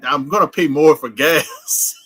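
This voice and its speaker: Bright-voiced man rambling casually. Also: a little high, a little slow, slightly rough, poor audio. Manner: loose, rambling, laughs easily. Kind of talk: casual chat.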